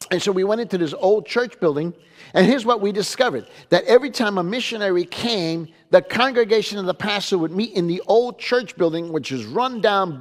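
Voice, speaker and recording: A man, a pastor, giving a teaching lecture in an emphatic style, repeating phrases and asking "okay?" to drive points home. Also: sits high. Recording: long reverb of a hall.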